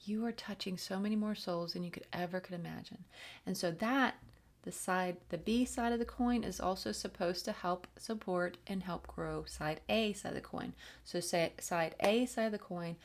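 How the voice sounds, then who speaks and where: A woman giving a channeled spiritual reading, gentle and encouraging, with many fillers and restarts and frequent drops into soft whispers. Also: on the low side. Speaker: channeled reader.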